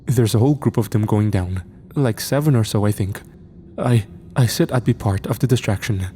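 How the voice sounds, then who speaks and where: A man's voice: on the low side, moderate pace, mellow, a little hiss or hum, close to an everyday voice. A man voicing a frightened teenage boy who stutters and pleads, in a spoken horror story. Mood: nervous.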